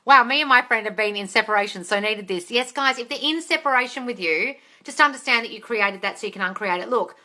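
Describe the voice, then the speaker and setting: A woman in her forties answering viewers' questions on a phone livestream at home, blunt and exasperated, swearing and often shouting. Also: a little high, fast, hardly any pauses. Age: 40s. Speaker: manifesting coach answering live questions.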